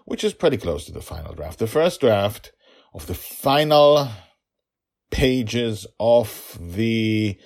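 A male podcast host chatting excitedly and then narrating a fantasy story, often repeating words for emphasis. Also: lowish voice, takes it slowly.

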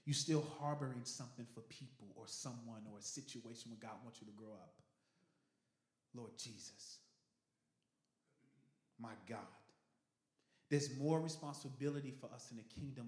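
A pastor preaching a sermon, animated and swinging from loud to hushed, talking casually with the congregation. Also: male voice, medium pitch, brisk, few pauses. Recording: roomy echo.

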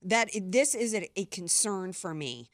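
A woman's voice: mid-range voice, expressive, unhurried, no room sound. A woman hosting a political talk radio show in a studio, talking in a rambling, chatty way with frequent restarts. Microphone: studio microphone.

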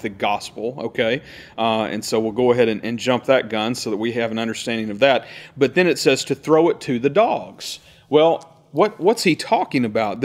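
A man preaching in a relaxed, talky way, circling back and repeating himself as he unpacks a passage. When he reads the verses aloud he slows right down and weighs each word. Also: mid-range voice. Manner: conversational, explains verses with repetitions and restarts; reads scripture slowly and deliberately. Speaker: pastor. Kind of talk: sermon.

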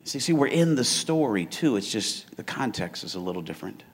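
A man preaching a sermon in a church, energetic and joking, whooping with excitement and stumbling into restarts. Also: lowish voice, a little fast, husky. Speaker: pastor. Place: church auditorium.

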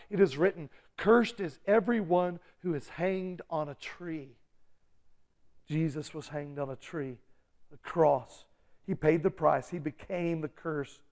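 A man preaching a sermon, urgent and pleading, dropping low and quiet, then rising loud and fast. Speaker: pastor.

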